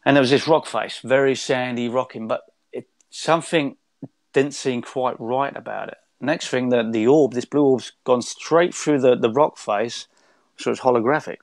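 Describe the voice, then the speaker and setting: A man's voice: mid-range voice, moderate pace, no room sound. A man, a guest telling a long spiritual story in a rambling, conversational way with many restarts.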